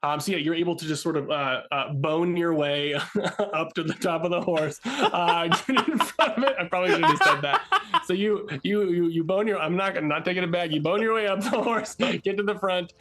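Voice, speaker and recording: A man narrating as game master for a tabletop game, excitable and halting, with many fillers. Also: high-pitched, slight background noise.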